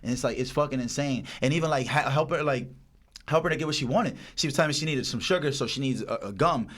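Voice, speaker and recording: Fast-talking young man with a Dominican accent. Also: medium pitch. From Dominican Republic. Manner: animated, profane, streetwise slang. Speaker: podcast host. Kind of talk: casual chat, storytelling.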